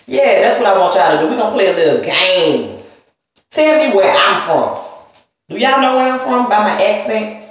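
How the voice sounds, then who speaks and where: A woman's voice: mid-range voice, animated, normal speed. Chatty Southern woman in an echoey room. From Southern United States. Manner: chatty, talks straight to viewers with y'all and girl. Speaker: hair-care vlogger. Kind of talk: casual rambling tutorial vlog.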